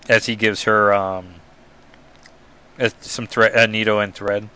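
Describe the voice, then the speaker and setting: A man's voice: lowish voice, a little slow, pauses often, clean tone. A man casually recapping a comic book issue, rambling with frequent ums and reading panel text aloud. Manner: rambling, with many ums and asides; reads captions and dialogue aloud in a flat summary voice.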